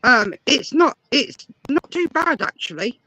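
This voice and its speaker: A woman's voice: high voice, big pitch swings, unhurried, bright, forceful tone, dry recording, low-quality recording. An English woman chatting casually, explaining things at length. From England. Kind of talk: casual chat.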